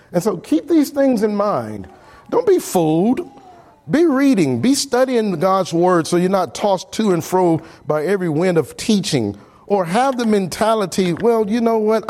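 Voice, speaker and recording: A man preaching a sermon, earnest and exhorting, pleading with his listeners. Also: a little mellow. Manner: earnest, exhorting, swings between emphatic and low.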